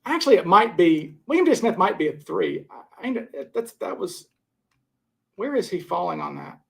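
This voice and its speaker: A man's voice: sits high, very animated, normal speed, vocal fry, a bit bright. A man hosting a live stream, casually reading viewer comments and rambling through his scoring of suspects. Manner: rambling, repeats and restarts while scoring suspects. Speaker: livestream host.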